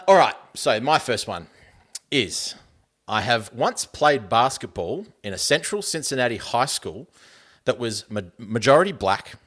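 Bright-voiced Australian podcast host. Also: male voice, medium pitch. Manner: relaxed, jokey, presenting segments. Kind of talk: casual podcast chat.

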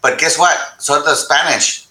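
A man on a discussion panel, talking in an animated way, switching between English and Spanish and asking "right?" again and again. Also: on the high side, a little slow, echoey room, poor audio. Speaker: panel guest.

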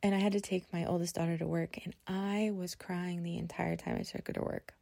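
Gravelly earnest woman podcaster. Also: fairly low pitch, flat delivery, a little fast, warm tone, dry recording. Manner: earnest, emotional, with many restarts. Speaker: podcast host. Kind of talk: personal testimony podcast.

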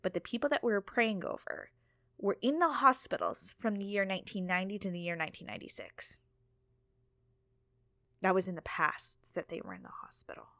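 Female podcast host, bright tone, dry close sound, candid and loose. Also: medium pitch, expressive, fairly quick, gravelly, dry recording. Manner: candid, swears freely, laughs at herself. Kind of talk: casual solo monologue.

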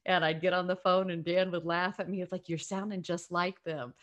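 Low-voiced woman from Memphis. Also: little pitch movement, a little fast, a bit bright, lo-fi sound. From Memphis, US South. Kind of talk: casual faith talk.

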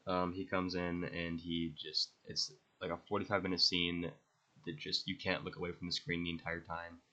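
A man's voice: sits low, level tone, normal speed, sharp tone, muffled recording. A young man hosting a podcast, rambling enthusiastically through his favorite movies and swearing freely. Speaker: podcast host. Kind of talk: casual movie ranking monologue.

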